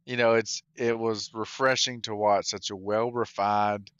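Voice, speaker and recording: A man's voice: lowish voice, fairly even intonation, a little slow, a bit bright, smooth, no echo, muffled recording. A man co-hosting a live-stream podcast, chatting casually with wry, critical humour. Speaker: podcast co-host.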